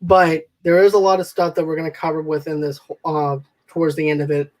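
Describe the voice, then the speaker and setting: A man co-hosting a casual movie review podcast, retelling scenes in animated detail and acting out lines. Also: on the high side, fairly quick, poor audio. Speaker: podcast co-host.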